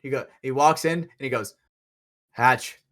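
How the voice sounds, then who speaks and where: A man co-hosting a podcast, telling stories in a profane, animated way and shouting out quoted lines. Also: medium pitch, fairly quick. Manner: profane, animated storyteller who acts out quotes loudly. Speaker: podcast co-host, paintball player. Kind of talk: casual storytelling chat.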